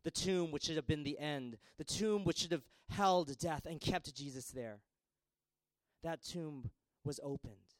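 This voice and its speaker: A man preaching a sermon dramatically, with a repetitive cadence that swings between raised pleas and hushed lines. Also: fairly high pitch, unhurried, dry recording, low-quality recording.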